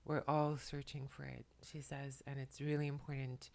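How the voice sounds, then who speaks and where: A tearful woman at home, speaking to the camera in a soft, halting way while relaying messages, often dropping to a whisper. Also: rumbling low, flat delivery, creaky. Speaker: spiritual channeler and makeup vlogger. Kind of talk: emotional channeling talk to camera. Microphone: camera mic, speaking to the camera.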